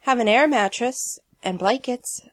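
A woman's voice: fairly high pitch, a little slow, a bit bright, no room sound, voice pushed up. A woman reading a story aloud, voicing a nervous, eager young man on a date who stammers and trips over his words. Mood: hesitant. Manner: stammering, bashful and earnest.

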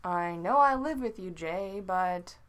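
A woman reading the lines of a flustered, gruff young man in a story, slowly and haltingly. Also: fairly low pitch, lively intonation.

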